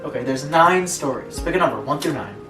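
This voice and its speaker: Young woman reading posts out loud, lowish voice, laughs a lot, echoey room kinda far from the mic. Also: expressive, fairly quick, music in the background. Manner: laughs often, reads aloud with sarcastic asides. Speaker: podcast co-host reading stories. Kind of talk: casual chat, reading posts aloud.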